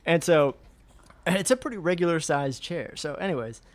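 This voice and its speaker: Man, casual podcast chat, rambling, animated, close dry mic. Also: fairly high pitch, no echo. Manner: animated, rambling, acts out characters in quick asides. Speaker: podcast co-host.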